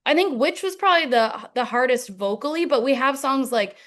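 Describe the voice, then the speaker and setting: A woman's voice: high voice, lively intonation, brisk, fairly bright tone. A young adult woman musician in a casual interview, talking in a rambling way with many fillers. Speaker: musician guest.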